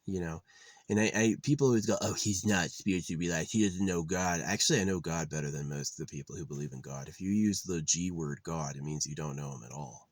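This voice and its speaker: A man with a very low voice rambles through a loose, swearing monologue, circling back on himself with lots of "like" and "uh". The sound is dry and close, with no room around it. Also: fast talker, dry recording. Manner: meandering, profane, frequent fillers and restarts. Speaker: vlogger.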